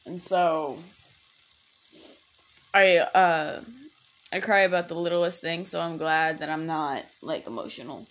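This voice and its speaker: A young woman rambles casually on her own podcast in a low, slightly bright voice, talking slowly and pausing often. She's got a headache and is distracted by a game she's playing, so her chat is full of fillers, restarts and swearing.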